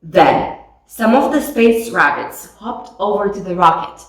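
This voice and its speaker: A woman reading a picture book aloud with slow, expressive storytelling. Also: medium pitch, recorded from a distance. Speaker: storybook reader. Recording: echoey room, voice off mic.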